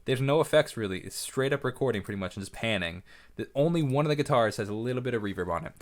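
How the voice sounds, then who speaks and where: A man, a music producer, giving an excitable, casual breakdown of his track, often correcting himself mid-sentence. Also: mid-range voice, fast talker. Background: faint music from his session playback.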